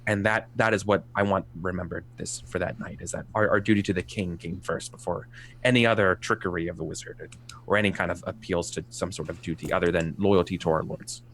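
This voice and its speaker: An earnest young knight pleads his loyalty in halting, rambling sentences, played by a man at a tabletop game. The voice is bright and forceful and sits a little low, with faint noise behind it. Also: fairly even intonation.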